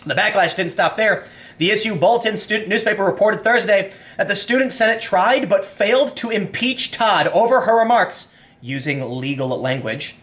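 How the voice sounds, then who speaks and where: Young guy ranting on his commentary show, high voice, animated, does little voices for people. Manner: animated, acts out quoted people in his story; reads news quotes aloud between rants. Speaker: commentary host. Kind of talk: opinionated commentary monologue.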